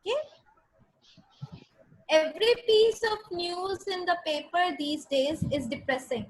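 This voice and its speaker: Woman, teacher, grammar lesson, high voice, patient, repeats and spells words out. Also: expressive, a little slow, rough recording. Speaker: English teacher.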